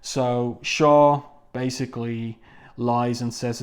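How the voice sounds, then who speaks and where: Man, casual comic review host, chatty and conversational, mid-pitched voice, reads quoted lines aloud. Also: fairly even intonation, measured pace, a little mellow. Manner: chatty, stops to read panel dialogue aloud.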